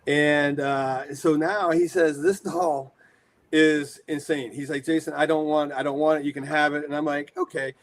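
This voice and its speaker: This is an American man in his forties, a horror collector chatting as a guest on an interview show. He tells his stories in an animated, rambling way, stacking fillers and asides. His voice sits a little higher than most men's. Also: normal speed. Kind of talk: casual storytelling interview.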